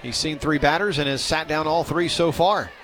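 A man's voice: a little high, moderate pace, a bit bright. A man calling a baseball game play-by-play, chatty and self-deprecating, lifting his voice on big plays. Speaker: play-by-play announcer.

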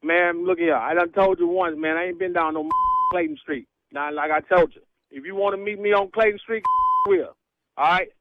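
A man's voice: sits high, normal speed, no echo, phone-quality sound. A man on the phone who laughs as he pushes back in slang against an angry caller. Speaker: prank call target.

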